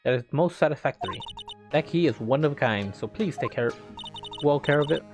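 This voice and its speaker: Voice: mid-range voice, animated, brisk, a little mellow, natural voice. A player reading game dialogue aloud, voicing a stern, formal older woman spirit medium over game music. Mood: coldly polite. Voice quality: stiff, overly formal phrasing.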